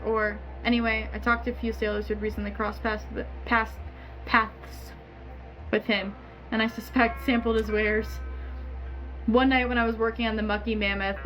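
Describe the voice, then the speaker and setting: A woman streamer reading game dialogue aloud with playful asides, her voice a bit hoarse. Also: mid-range voice. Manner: reads lines in character, playful asides.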